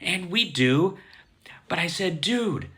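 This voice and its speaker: A man's voice: a little high, measured pace. A man casually retelling a strange dream, swearing often and sounding indignant as he tells it. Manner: heavy swearing, animated and indignant. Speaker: storyteller.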